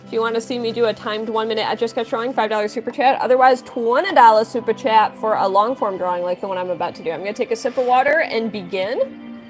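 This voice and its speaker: A woman's voice: a little high, quick pace, soft background music. A woman chatting casually on a livestream, greeting viewers by name while she draws. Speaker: livestreaming artist.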